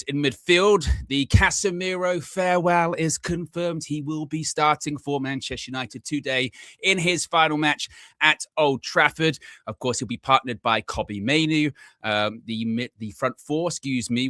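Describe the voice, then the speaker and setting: A man hosting a live football watchalong, chatty and excitable, laughing often as he runs through team news. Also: mid-range voice, normal speed, dry recording. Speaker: fan channel host.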